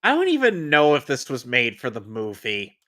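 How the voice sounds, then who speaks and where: A man's voice: mid-range voice, huge pitch swings, normal speed, a bit bright. A man co-hosting a movie-riffing stream, blunt and swearing freely. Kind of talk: casual movie-riffing chat.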